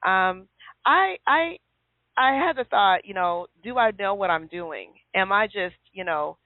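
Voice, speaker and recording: A woman hosting a casual call-in radio chat, telling stories with lively acted-out quotes. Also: medium pitch, unhurried, dry recording. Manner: lively storyteller who acts out quotes. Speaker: show host. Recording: tinny phone line.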